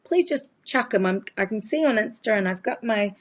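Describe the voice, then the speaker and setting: A woman's voice: a little high, animated, normal speed. A woman, giving a chatty live Q&A as a vocal coach. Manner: chatty, explanatory, demonstrates voice changes. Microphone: phone.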